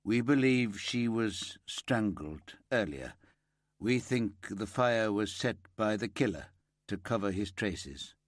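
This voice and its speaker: Man reading a weary inspector: low, careful, gentle, slow audiobook read. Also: expressive, no room sound, studio quality.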